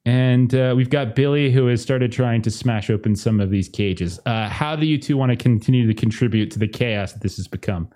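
A young man narrating a tabletop game as game master, chatty and relaxed with many fillers. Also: medium pitch, a little fast, few pauses.

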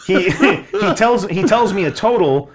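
A man's voice: high voice, a little slow, a crowd in the background. A man casually telling an exasperated story, swearing and laughing, quoting people in his own voice. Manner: animated, swearing, laughing, mimicking others in quotes.

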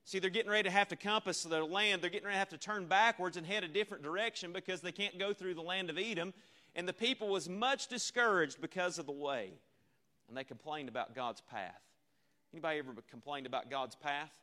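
Guy preaching revival, high voice, lots of rhetorical questions. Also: fast, pushed and bright. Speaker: visiting preacher. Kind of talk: revival sermon.

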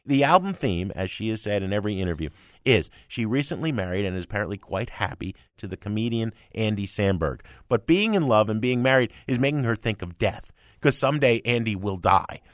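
A man's voice: expressive, brisk, no room sound, clean studio sound. Sarcastic, emphatic male critic. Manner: emphatic, sarcastic, theatrical swings in pitch. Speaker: music critic co-host. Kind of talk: opinionated studio review chat. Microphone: studio microphone.

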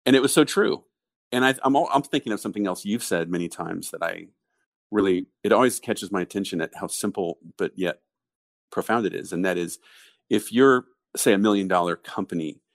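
A man with a very low voice co-hosts a casual business podcast. The recording is dry and close, with no room sound. He explains his ideas through steady, conversational storytelling. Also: a little fast, creaky, dry recording. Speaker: podcast co-host.

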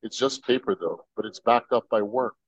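A man's voice: on the low side, moderate pace, lo-fi sound. A man voicing Benji, a laid-back and cocky colonist, in a put-on Southern American drawl with casual slang.

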